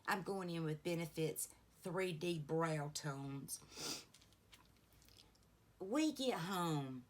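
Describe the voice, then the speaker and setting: A middle-aged woman with a deep, expressive voice draws out her words while chatting through a get-ready-with-me beauty vlog. She rambles through stories, adding many asides.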